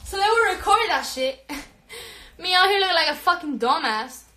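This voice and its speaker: A woman's voice: extremely high pitch, big pitch swings, normal speed, pushed and bright, roomy sound, slight background noise. A young woman telling a story on a phone livestream, swearing freely, laughing, mixing in Spanish, and short of breath. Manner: profane, laughing, code-switching into Spanish. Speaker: social media personality.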